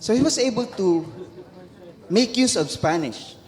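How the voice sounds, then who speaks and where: A man from the Philippines with a Filipino accent, doing animated stand-up comedy and telling stories with rising punchlines. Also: sits high, measured pace. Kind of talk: stand-up comedy, mixing Tagalog and English. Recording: long hall reverb.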